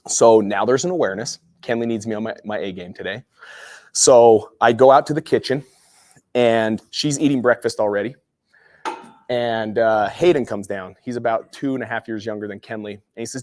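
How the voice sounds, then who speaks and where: A man's voice: lowish voice, fairly quick, a little mellow, no room sound, studio quality. A man in his forties from Utah, a guest speaker giving a motivational talk with personal stories in a casual, rambling way. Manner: casual, rambling storyteller with many fillers.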